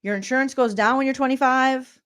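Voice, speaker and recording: A woman's voice: sits high, fairly even intonation, fairly quick, a bit bright. A woman in her forties, a comedian, doing a sarcastic, exasperated reaction rant with plenty of swearing. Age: 40s.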